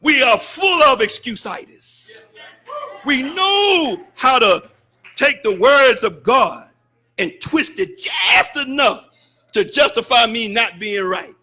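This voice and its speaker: A man with a very high, bright, forceful voice preaches a sermon in a mosque. He delivers it with fervor and breaks into shouts to drive his points home. Between them he mimics people's excuses in wry, drawn-out asides. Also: animated. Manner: fervent preaching with shouted bursts. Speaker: student minister.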